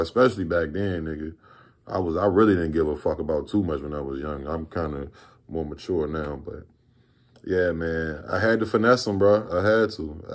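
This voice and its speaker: Laid-back low-voiced man rambling a story. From Virginia, USA. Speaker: vlogger telling a story. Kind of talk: casual storytime vlog.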